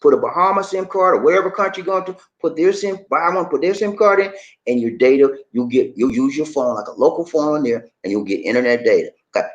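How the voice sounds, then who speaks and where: A man giving casual travel tips to the camera as a vlogger. He is chatty and animated, calls the viewer "man" and "baby", and repeats his points. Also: fairly high pitch, quick pace, highs cut off.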